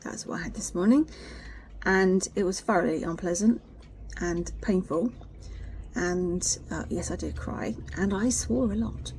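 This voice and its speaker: A blunt, sweary woman talks straight to camera from home in a warm, mellow voice. She rants freely and drops into whispered asides. A faint hiss sits behind her. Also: medium pitch, a little slow, long pauses. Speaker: vlogger. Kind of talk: candid personal vlog.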